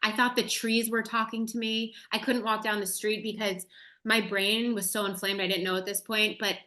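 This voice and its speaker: A woman's voice: medium pitch, flat delivery, moderate pace, bright, forceful tone. A woman guest on a podcast, candidly and expressively telling her personal story.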